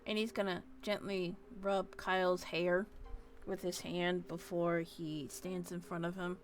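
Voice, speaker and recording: A woman playing a tabletop game, lively and playful, speaking in character. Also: lowish voice, a little slow, soft background music. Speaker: player. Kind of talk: tabletop role-play.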